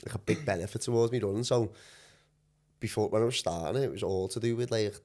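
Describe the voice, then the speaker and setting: A man's voice: lowish voice, quick pace, a little mellow. A young man, a podcast guest who talks about his coaching in a rambling casual chat full of slang. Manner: rambling, laughs a lot, heavy slang.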